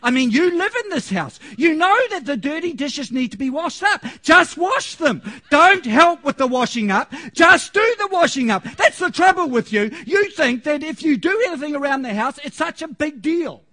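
A man's voice: extremely high pitch, expressive, normal speed, few pauses, pushed and bright, pitched above the performer's own voice, full character voice. A man voicing an angry middle-class wife who scolds her husband in a tirade during a sermon. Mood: indignant.

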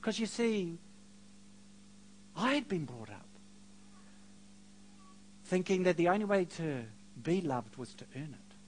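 A middle-aged male preacher telling a story from the pulpit, his pitch swinging widely as he goes. He jokes at his own expense and drops to near hush before building up loud again. A faint hum sits under the voice. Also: very animated, slow, pauses often. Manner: storytelling, self-mocking, swings between quiet and loud. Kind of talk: sermon.

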